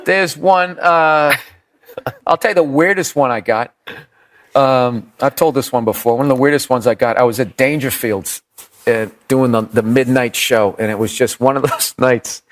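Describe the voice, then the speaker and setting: A stand-up comedian tells rambling, profane stories on a podcast, slipping into voices for the people he quotes. He speaks at a moderate pace with a medium-pitched voice.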